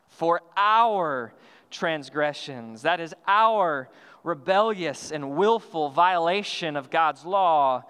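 High, bright-voiced man preaching a sermon. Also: smooth, big-room sound. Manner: earnest, measured preaching with slowed emphatic phrases and some restarts. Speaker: pastor. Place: church sanctuary.

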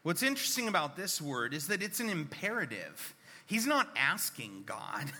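A man preaching a sermon as a pastor, unhurried and earnest, sometimes sinking to a near whisper. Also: high-pitched, big pitch swings, sharp tone, long reverb tail. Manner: unhurried, earnest, drops to a near whisper when reading scripture.

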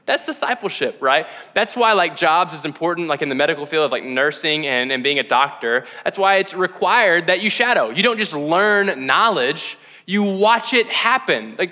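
A young male pastor preaches in a loose, chatty way, full of slang and quick asides. His voice is bright and forceful, pitched a little high. It carries through a large hall with a long reverb. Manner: casual, animated, slangy preaching with frequent "like" and "right?". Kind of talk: sermon. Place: church hall.

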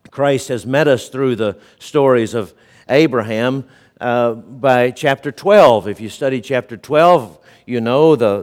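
A man preaching to his congregation in an earnest, storytelling way. His voice sits at an ordinary middle pitch and often sinks low and soft for emphasis. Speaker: pastor. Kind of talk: sermon.

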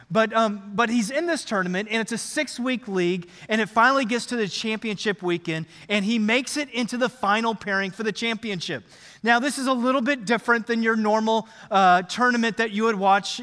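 Man, pastor, preaching, animated, conversational, very high voice, long hall reverb. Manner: animated, conversational, acts out scenes. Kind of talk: sermon storytelling.

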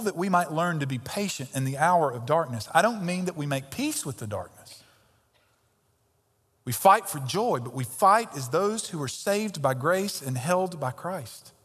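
A man's voice: a little high, husky. A man preaching a sermon as pastor, emphatic and conversational, with pointed rhetorical questions. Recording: long reverb of a large hall.

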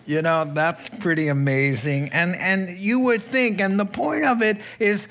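A man preaching a sermon as pastor, emphatic, with sudden rises in pitch and loudness. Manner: unhurried and drawn out.

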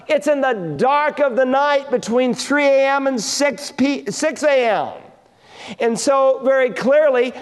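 High-voiced preacher with hall reverb. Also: male voice. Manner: expressive preaching, dropping low and quiet for tender passages. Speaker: pastor. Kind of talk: sermon.

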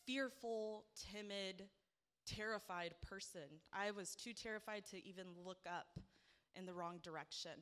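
A woman's voice: mid-range voice, a bit bright, smooth. A woman giving a heartfelt personal testimony at church, speaking earnestly and building to emphatic praise.

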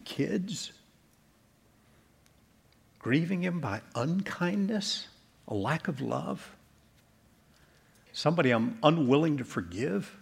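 A male pastor preaching earnestly in a church. His voice is gravelly and husky, with a middle pitch. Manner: earnest preaching, ending in soft prayer. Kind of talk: sermon.

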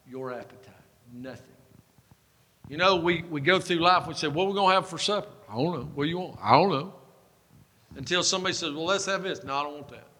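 A pastor preaching a sermon, folksy and self-mocking, building to fervent preaching. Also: male voice, on the high side, pushed and bright. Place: church sanctuary. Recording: long hall reverb.

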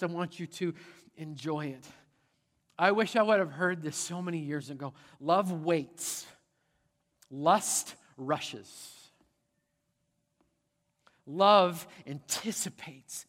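A middle-aged man preaching a sermon as pastor, animated and conversational, often checking in with the congregation. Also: fairly high pitch. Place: large church sanctuary. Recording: long church hall reverb.

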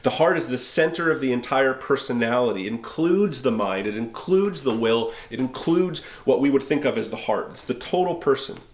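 A man's voice: medium pitch, lively intonation. Wry, conversational man preaching in a roomy church. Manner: conversational, wry, with dramatic slowdowns. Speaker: pastor. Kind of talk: sermon. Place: church sanctuary.

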